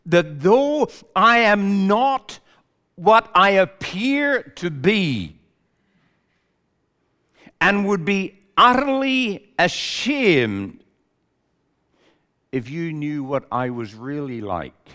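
Male preacher, slow deliberate emphatic delivery, smooth resonant voice, echoing hall. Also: high-pitched, animated, bright, forceful tone. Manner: measured, emphatic preaching with rhetorical lists. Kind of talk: sermon. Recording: long reverb of a large hall.

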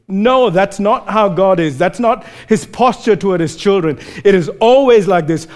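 A male preacher gives a sermon in an earnest, conversational manner, often stumbling and restarting his phrases. His voice is pitched fairly high for a man. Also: expressive, moderate pace, hardly any pauses, darkish tone.

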